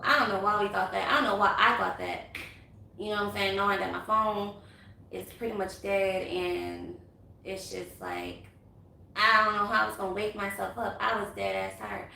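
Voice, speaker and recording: Chatty woman with gravelly bright voice. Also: fairly high pitch. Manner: animated, chatty, quick asides to viewers. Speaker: vlogger. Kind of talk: casual storytime vlog. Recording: echoey room.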